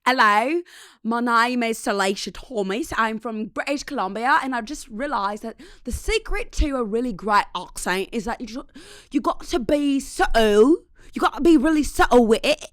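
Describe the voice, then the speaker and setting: A woman's voice: fairly high pitch, expressive, normal speed, a bit bright, no room sound, clean studio sound, voice pushed up. A woman putting on an exaggerated, overacted fake accent for a bit. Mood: showy. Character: woman showing off an over-the-top fake accent.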